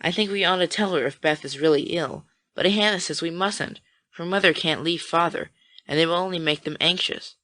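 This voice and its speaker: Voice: mid-range voice, brisk, bright, forceful tone, lightly acted. A reader doing an anxious eldest sister. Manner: anxious, earnest. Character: worried dutiful eldest sister.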